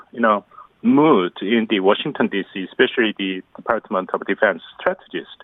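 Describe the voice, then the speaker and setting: A man from South Korea, a professor of international studies and a native Korean speaker, giving analysis in a phone interview, speaking haltingly with restarts and small grammar slips. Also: deep voice, no room sound. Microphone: telephone. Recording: tinny dry phone line.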